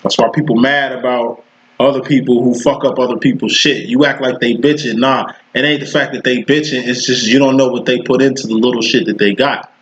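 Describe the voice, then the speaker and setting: A man's voice: mid-range voice, steady tone, a little fast, highs cut off. A man giving a casual tarot reading, talking in a profane, slangy, rambling way. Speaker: tarot reader.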